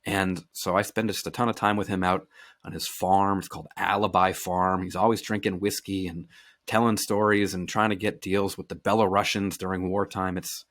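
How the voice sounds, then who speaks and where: Male author guest with a lowish voice, recorded dry and close on a podcast mic; casual, animated yarn-spinner who swears and stumbles over restarts. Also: moderate pace, dry recording. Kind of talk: casual conversational storytelling.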